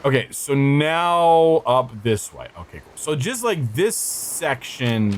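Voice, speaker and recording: A man's voice: mid-range voice, big pitch swings, slow, a little hiss or hum. A man streaming a game, chatting casually, swearing and talking to himself as he plays. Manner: chatty and swears often, with frequent laughs and self-talk. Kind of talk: casual gameplay commentary.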